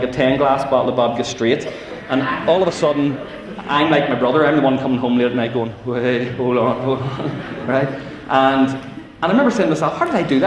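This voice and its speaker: Northern Irish man, middle-aged, youth speaker: humorous storytelling, acted asides, boomy hall sound with long reverb. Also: slight background noise. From Northern Ireland. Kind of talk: humorous talk to teenagers. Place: large civic hall. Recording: echoey hall from far off.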